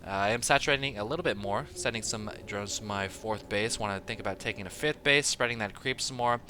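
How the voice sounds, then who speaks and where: A man giving casual, opinionated commentary on a strategy game he is playing, thinking out loud as he goes. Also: fairly low pitch, a little fast. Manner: analytical, opinionated, loose and chatty. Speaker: player commentating his own match. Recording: steady background noise.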